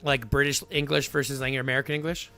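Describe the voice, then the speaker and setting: A man hosting a livestream, chatting casually with viewers in a rambling, animated way full of fillers. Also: medium pitch, quick pace, smooth, faint music behind. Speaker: livestream host.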